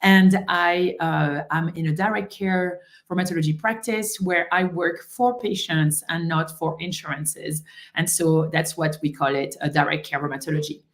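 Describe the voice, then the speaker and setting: A woman's voice: sits low, steady tone, moderate pace. A woman with a French accent, a rheumatologist hosting a friendly live stream, chatting casually with many fillers. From France.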